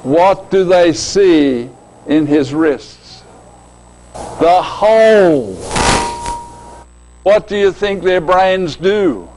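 An older man preaches with a folksy, joking touch, his voice sitting a little high for a man. He keeps asking his listeners to picture things and checks in with a quick question. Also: noisy background. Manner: folksy, joking, often asks "right?". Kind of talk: sermon.

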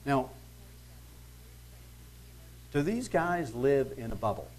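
A man's voice: medium pitch, big pitch swings, slow, a little mellow, slight background noise, poor audio. Male Bible teacher, mid-range voice, conversational and emphatic, fond of rhetorical questions. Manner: reads scripture, then comments conversationally.

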